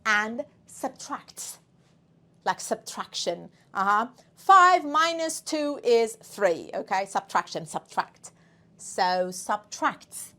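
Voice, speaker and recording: A woman's voice: mid-range voice, very animated, slow pace, bright, forceful tone. A woman teaching a live English exam-prep class. She speaks emphatically, repeating words aloud and drilling them for her students.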